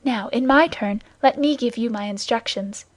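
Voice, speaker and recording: Anxious young woman in an audiobook, read by a woman, urgent and pleading, slightly high, dry. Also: normal speed, dry recording, natural voice.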